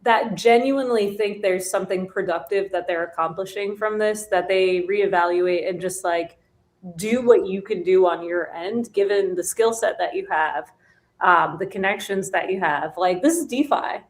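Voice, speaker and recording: Woman guest on a stream call, lots of um and like, laughs a lot, mid pitch. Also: moderate pace. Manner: giggly, animated, filler-heavy. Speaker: special guest. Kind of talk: casual livestream chat.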